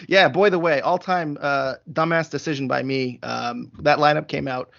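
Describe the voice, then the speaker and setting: A man's voice: fairly high pitch, steady tone, measured pace, creaky, a bit bright. A man hosting a casual sports podcast, talking through numbers methodically with frequent fillers. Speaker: podcast host. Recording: dull lo-fi sound.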